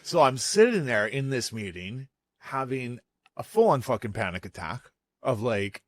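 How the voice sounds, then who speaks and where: A man, a guest chef telling lively stories in a casual podcast chat, swearing freely. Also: medium pitch, no echo, studio quality. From Vancouver, Canada. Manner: animated, fast storyteller who swears freely.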